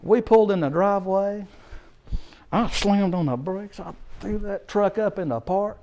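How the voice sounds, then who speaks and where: A middle-aged male preacher tells his story with animated, emphatic repetition. His voice sits high for a man. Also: moderate pace, slight background noise. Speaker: guest preacher. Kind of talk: storytelling sermon.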